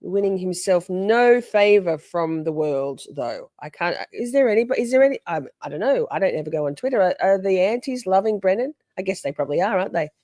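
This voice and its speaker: A woman's voice: mid-range voice, lively intonation, fairly quick, few pauses, mellow, dry recording. A woman hosting a livestream, chatting casually and gushing with frequent laughter as she recaps a trial. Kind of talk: casual live commentary.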